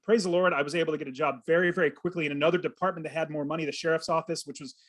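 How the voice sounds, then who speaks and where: A man in his thirties, a podcast guest, telling a personal story with earnest, animated feeling and acting out his own thoughts. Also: on the high side, rapid-fire. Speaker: podcast guest, real estate investor. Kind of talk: storytelling in an interview.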